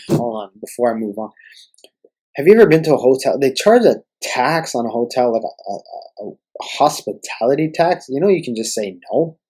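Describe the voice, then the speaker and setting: A man's voice: lowish voice, a little mellow, breathy edge, rough recording. A young man hosting a podcast, ranting in an exasperated, profane way. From Canada. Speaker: podcast host.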